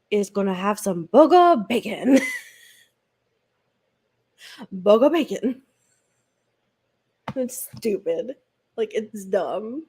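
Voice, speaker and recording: A woman's voice: fairly low pitch, a little mellow. A woman hosting a read-along livestream, chatting casually, rambling with lots of fillers and frequent giggles. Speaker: booktube host.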